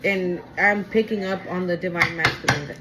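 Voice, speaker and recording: A woman's voice: lowish voice, fairly even intonation, normal speed, heavy background noise. A woman giving a casual spoken tarot reading to her viewers, talking in an emphatic, repetitive way. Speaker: tarot reader.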